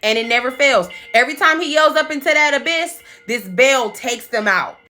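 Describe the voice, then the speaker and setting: A woman hosting a comedic recap, sassy and animated, acting out the characters' lines as she tells the story. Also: high voice, moderate pace. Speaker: podcast host recapping an episode.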